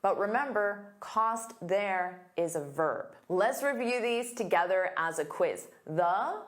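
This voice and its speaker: A woman coaching English learners at an unhurried pace, stretching out each word so it lands clearly. Her pitch sits in an ordinary middle range. She sounds like an online teacher walking through quiz examples. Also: animated. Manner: slow, deliberate, clear enunciation.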